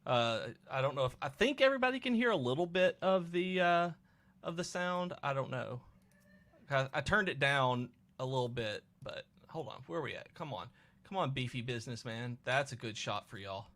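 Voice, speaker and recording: A man's voice: mid-range voice, lively intonation, normal speed, a bit bright. A young adult man hosting a livestream, chatting enthusiastically and casually while playing. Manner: enthusiastic, chatty, hums to himself. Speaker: livestream host. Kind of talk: casual gameplay chat.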